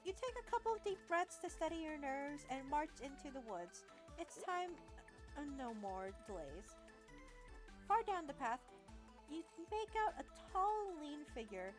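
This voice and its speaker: A woman hosting a gaming video, reading a text adventure aloud with playful, chatty commentary and the odd stumble. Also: high-pitched. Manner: playful, chatty, says "lol" aloud, stumbles over words while reading.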